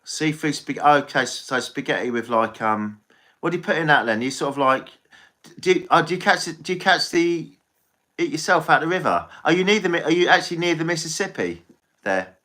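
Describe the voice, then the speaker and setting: A man's voice: a little high, animated, a little fast, bright, forceful tone. An English man chatting casually on a live stream as a tarot reader, rambling and swearing freely.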